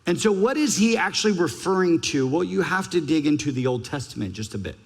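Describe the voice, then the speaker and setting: A man preaching a sermon as pastor, emphatic, ranging from raised urgency to hushed scripture reading. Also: big pitch swings, a little fast, gravelly. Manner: emphatic, varies pitch and pace widely, drops to a hush for scripture. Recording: long church hall reverb.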